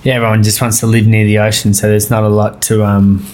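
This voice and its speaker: A man's voice: on the low side, flat delivery, fast, a little mellow. An Australian man guesting on a podcast, chatting in a rambling way, laughing often and swearing freely. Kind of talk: casual interview chat.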